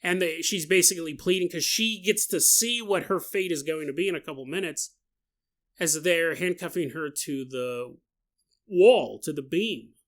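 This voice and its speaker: Bright-voiced joking male podcast host. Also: a little high, normal speed. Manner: animated, jokey, laughs at own asides. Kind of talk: casual storytelling.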